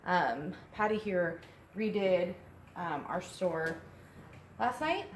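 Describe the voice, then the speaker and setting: A woman's voice: fairly low pitch, animated, takes it slowly. A young woman chatting casually on a live stream as co-host, out of breath and rambling with lots of fillers. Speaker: co-host and shop co-owner. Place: inside a small shop. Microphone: phone on a tripod. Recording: echoey room with faint noise.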